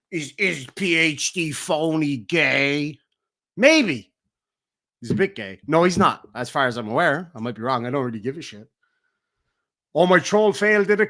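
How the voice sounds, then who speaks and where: A middle-aged Irish streamer delivers a heated livestream rant packed with swearing and mockery. His voice sits a little high, and he's profane and taunting, lurching between loud bursts and low mutters.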